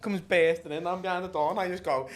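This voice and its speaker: Animated man telling stories. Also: high voice, fast, very noisy. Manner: animated, laughs through his stories, swears freely. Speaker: podcast co-host. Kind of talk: casual storytelling chat.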